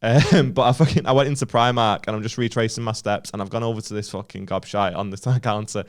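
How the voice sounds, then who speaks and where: A man's voice: lowish voice, fast talker. Sweary northern English man ranting. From Northern England. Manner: sweary, animated storytelling. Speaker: podcast co-host. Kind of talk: casual comedic chat.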